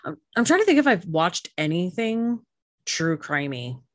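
Low-voiced chatty woman podcaster. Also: big pitch swings, unhurried, dry recording, studio quality. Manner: chatty, swears casually, lots of fillers. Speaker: podcast co-host. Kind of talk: casual chat. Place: home, recorded over video call. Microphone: video call.

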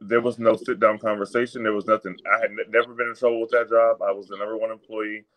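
A young man on a casual podcast chat, telling stories with lively acted-out quotes. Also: on the low side, fast, a little hiss or hum, low-quality recording. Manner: animated storytelling, acts out the people he quotes. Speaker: podcast co-host.

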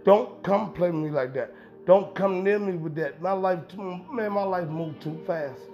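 A man with a high voice delivers a rambling, profane podcast monologue and hammers every point with emphasis. The recording is dull and lo-fi, with music clearly playing underneath. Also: a little slow. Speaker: podcast host. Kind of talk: casual monologue. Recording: dull lo-fi sound with music behind.

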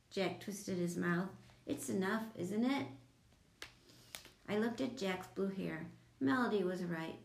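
In an echoey room with a faint hum, a storybook reader with a low, slightly mellow voice and some vocal fry reads a children's chapter book aloud. She raises her voice whenever the children speak.

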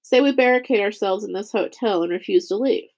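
A woman reading a weary, thoughtful father in a storybook, softer and lower than her narration. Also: a little fast, close to an everyday voice. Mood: grave.

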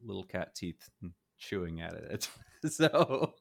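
A middle-aged man with a somewhat low voice chats casually about gaming gear. He rambles and hedges, circling back on his points and chuckling often. He sounds like a relaxed co-host. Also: slow, gravelly. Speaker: podcast co-host.

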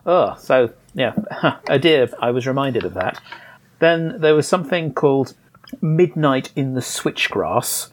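A man's voice: medium pitch, expressive, a little slow. A man chatting casually on a podcast as a film critic, articulate and dryly scathing in his reviews.

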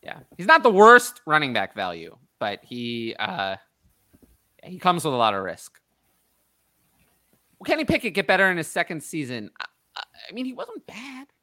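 A man hosting a casual sports talk show, opinionated and thinking out loud with frequent restarts. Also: a little high, huge pitch swings, moderate pace, pauses often, no room sound. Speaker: podcast host. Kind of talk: casual fantasy football chat.

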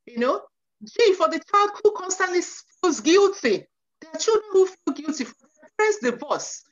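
A woman in her forties who works as a youth counselor speaks to parents in an earnest, advice-giving way, repeating "you know" often and acting out quotes. Her voice is high-pitched with a fairly bright tone. The recording is muffled and lo-fi.

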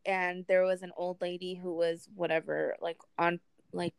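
A woman's voice: lowish voice, level tone, moderate pace, creaky, clear, resonant tone, dry recording. A woman in casual podcast chat, telling a story chattily with many fillers. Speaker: podcast co-host.

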